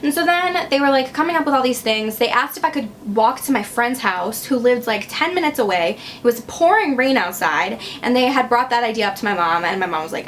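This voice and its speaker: A woman's voice: fairly high pitch, animated, brisk, hardly any pauses, fairly bright tone, a little hiss or hum. A young woman from Wisconsin telling a personal storytime on her vlog, chatty and sarcastic, full of "like" fillers. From Wisconsin, USA. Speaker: vlogger.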